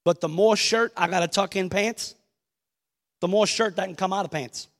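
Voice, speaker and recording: A man in his thirties with a high voice preaches to his congregation in a conversational way. He quotes scripture and asks the people questions as he goes. His voice rings out through a long-echoing church hall. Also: moderate pace, a bit bright. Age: 30s. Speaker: pastor. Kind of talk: sermon. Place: church sanctuary.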